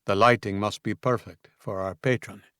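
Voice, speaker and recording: A man voicing a cold, theatrical male mobster, with a smooth, mock-polite, menacing manner. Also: lowish voice, fairly even intonation, normal speed, sharp tone, dry recording, studio quality. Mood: silkily menacing.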